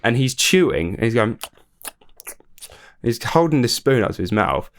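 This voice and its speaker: A man's voice: mid-range voice, big pitch swings, normal speed, noisy background. A man co-hosting a casual podcast. He tells stories animatedly, swearing freely and breaking into laughter. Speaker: podcast co-host. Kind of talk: casual chat.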